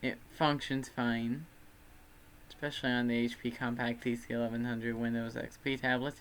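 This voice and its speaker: A man's voice: mid-range voice, flat delivery, moderate pace, a bit bright, slight background noise. A young man from Texas with a Texan accent, chatting casually on a livestream in a rambling, self-deprecating way. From Texas, USA. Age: student.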